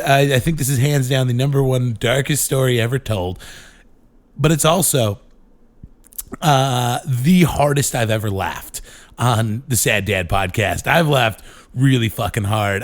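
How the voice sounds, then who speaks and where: A male podcast host setting up the next clip in a relaxed, rambling way. He talks at an ordinary pitch and pauses on fillers. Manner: loose, with many fillers. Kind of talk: casual show introduction.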